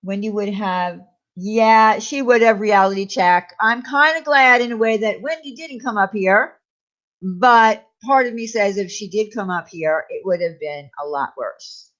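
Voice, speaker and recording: Reading viewer comments aloud on a relaxed live stream, a woman speaks in a mid-range, slightly bright voice at a measured pace. Her manner is chatty and comforting, and she addresses chat members by name; the recording is dull-sounding lo-fi stream audio.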